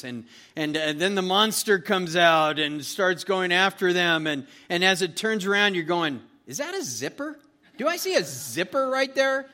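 A man preaching a casual, animated sermon, reading scripture and retelling the story with frequent restarts. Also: on the high side. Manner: conversational, animated, with repeated restarts. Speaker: pastor. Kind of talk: expository Bible sermon.

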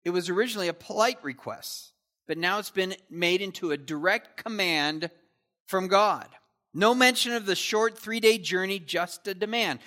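A man's voice: on the high side, normal speed, sharp tone. A man teaching through a Bible passage verse by verse, with casual asides that check in with his listeners.

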